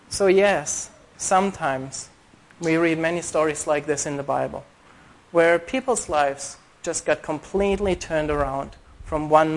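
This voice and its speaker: A man preaching a sermon, earnest, reading scripture aloud and slowing down to stress key words. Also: fairly high pitch, gravelly. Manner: reads scripture aloud in old-style wording.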